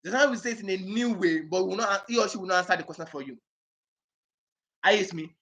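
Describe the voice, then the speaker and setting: A man's voice: high voice, fast talker, a bit bright. A man with a Nigerian accent, an exam-prep tutor teaching a lesson. He repeats key phrases and throws questions back at the listeners to check they follow. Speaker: IELTS speaking tutor. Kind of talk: classroom lesson with call-and-response.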